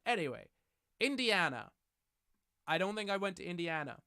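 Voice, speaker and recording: Young male streamer, casual and chatty, with a crisp, bright tone. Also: high voice, sing-song, moderate pace, no room sound, clean studio sound. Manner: rambling, chatty, self-correcting with light laughs. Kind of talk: casual livestream chat. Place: at his desk at home. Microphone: desk microphone.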